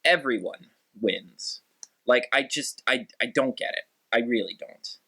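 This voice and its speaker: A man hosting a casual podcast, talking in an animated, rambling way with lots of fillers. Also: mid-range voice, normal speed, gravelly. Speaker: podcast host.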